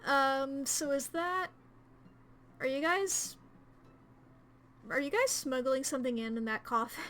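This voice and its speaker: A woman's voice: high-pitched, unhurried, fairly bright tone. A woman streamer giving casual, joking commentary on a game, with wry asides to its characters.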